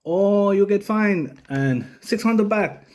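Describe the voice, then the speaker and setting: A man's voice: high-pitched, expressive, slow pace, a little mellow, pitched above the performer's own voice. A man voicing a curt Thai male traffic police officer who speaks clipped, broken English and repeats himself. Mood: stern.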